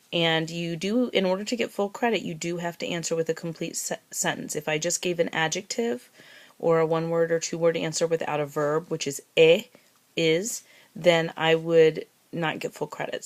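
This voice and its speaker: A woman gives a recorded lesson in a patient, methodical way. Her voice sits a little low. She repeats each phrase slowly and spells words out letter by letter. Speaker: French teacher.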